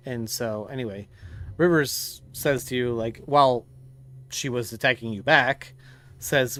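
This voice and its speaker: A man narrating as game master in an online tabletop game, talking in a halting way with many fillers and restarts. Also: mid-range voice, sharp tone.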